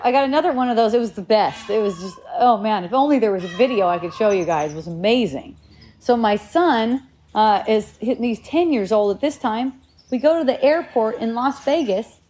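Animated, laughing woman telling a story. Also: fairly high pitch. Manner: animated, laughing often, many restarts. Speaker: parent sharing a story. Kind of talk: casual storytelling.

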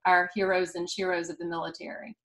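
A woman's voice: on the low side, little pitch movement, quick pace. A woman hosting a faith talk show, asking questions and often affirming her guest. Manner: warm affirmations, frequent "yeah". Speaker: podcast host. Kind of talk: interviewing a guest.

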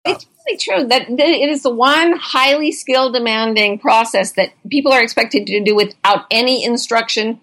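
Higher-voiced woman host musing aloud. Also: normal speed, few pauses, fairly bright tone. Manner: thoughtful, rambling build-up to a question. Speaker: host, author. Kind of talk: casual interview conversation.

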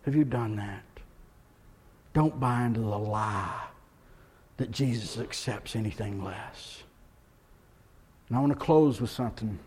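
A pastor from the United States preaching a sermon in a church, moving between quiet, earnest stretches and loud, impassioned ones. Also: male voice, on the low side, a little slow, pauses often, a little hiss or hum. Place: church sanctuary.

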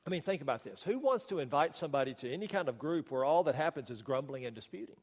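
A man's voice: mid-range voice, lively intonation, quick pace. A man preaching a sermon as pastor, emphatic and rhetorical, with touches of wry humor. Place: church sanctuary. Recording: long reverb of a church hall.

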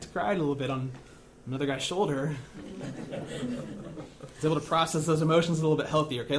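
A young man preaching a sermon in a conversational, self-deprecating storytelling way. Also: fairly high pitch.

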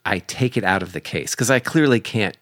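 A man co-hosting a podcast tells a funny story in casual chat, laughing a lot and acting out the voices of the people he quotes. His voice is on the low side and fairly quick, and he's animated throughout. The recording is studio quality with no echo.

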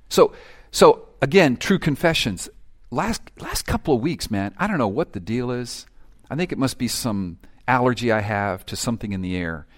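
A middle-aged man preaching with animated energy, dropping to near-whispers and then rising into loud, urgent outbursts. He acts out the voices of people praying and complaining. His pitch sits at an ordinary middle range for a man. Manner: animated preaching, dramatic swings from hushed to loud; acts out quoted prayers and complaints. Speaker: pastor. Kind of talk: sermon.

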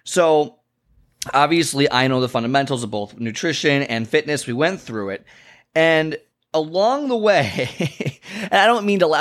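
A man coaching on fitness in a loose, conversational talk, his voice mid-pitched and ordinary in tone. He keeps checking in with "okay?" and "you know" and leaps up in pitch when he acts out both sides of a chat with a client. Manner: animated storyteller, acts out clients and himself with big pitch jumps. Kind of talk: casual talking-head advice.

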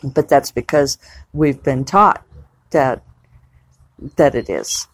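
A woman's voice: very deep voice, expressive, takes it slowly. A woman novelist chatting casually at home in a rambling, digressive way, with plenty of fillers. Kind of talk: casual vlog chat.

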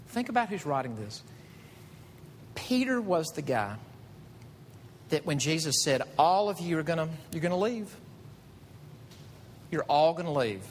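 Animated male pastor in an echoing hall. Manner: animated, rising to emphatic high peaks. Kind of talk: sermon. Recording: reverberant hall with faint rumble.

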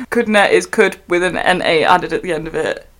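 A woman's voice: on the low side, big pitch swings, measured pace, pushed and bright. A woman co-hosting a casual chat and reading letters aloud, giggling often as she talks. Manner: giggly, laughs often mid-sentence. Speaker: podcast co-host.

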